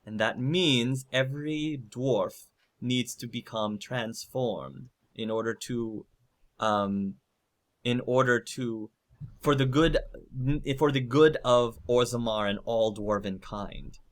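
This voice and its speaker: Branka, a man voicing a booming golem queen. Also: slow, natural voice. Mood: stern, commanding. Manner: stern and commanding. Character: massive stern female golem queen, commanding.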